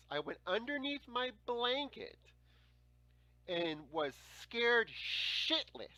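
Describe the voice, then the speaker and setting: A man in his forties hosts a casual livestream and spins stories with lots of swearing and laughter. His voice sits fairly high, very lively in pitch and bright in tone. The sound is close and dry. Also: no room sound, highs cut off. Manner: animated, swears often, laughs through stories. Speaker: livestream host. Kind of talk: casual storytelling chat.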